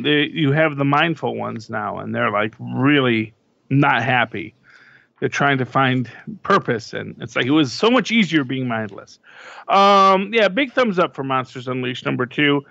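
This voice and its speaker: Male podcast co-host, wry and animated, gravelly, recorded dry on a dull mic. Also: fairly high pitch, measured pace, no room sound. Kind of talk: casual comic review chat.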